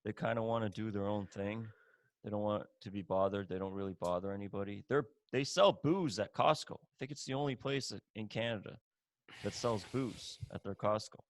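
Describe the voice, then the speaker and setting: A man's voice: fairly low pitch, brisk. A man hosting a podcast, chatting casually in a blunt, profane, joking manner. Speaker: podcast host. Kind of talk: casual chat.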